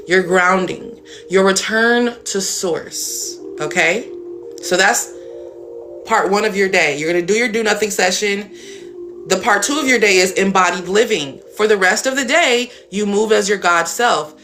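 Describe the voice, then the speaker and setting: A woman's voice: medium pitch, a bit bright. A woman hosting a live stream as a spiritual coach, talking casually and bluntly with some cursing. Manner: blunt, chatty, swears casually.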